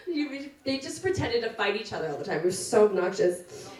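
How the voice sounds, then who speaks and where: A woman's voice: mid-range voice, very animated, normal speed. A woman, the bride, giving an emotional wedding speech, tearful and laughing through her words at a cottage party. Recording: roomy sound from a distant mic.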